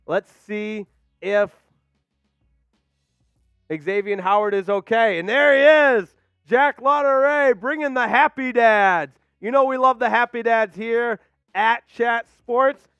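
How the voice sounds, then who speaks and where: A man hosting a live stream, calling football play-by-play and shouting out viewers with loud hype. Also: very high-pitched, slow pace, clean tone, dry recording, soft background music. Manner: hyped, shouting shout-outs. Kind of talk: excited watch-along play-by-play.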